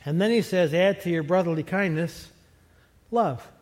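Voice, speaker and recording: A middle-aged man preaching a sermon as pastor, conversational and animated, chuckling now and then. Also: sits high, moderate pace. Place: large church sanctuary. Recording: long hall reverb from a church sanctuary.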